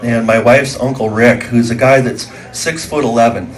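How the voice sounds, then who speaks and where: Speaking at a moderate pace with fairly even intonation, this medium-pitched man does stand-up comedy at a small live venue. His stories ramble, repeat words, and act out the voices of the people he quotes.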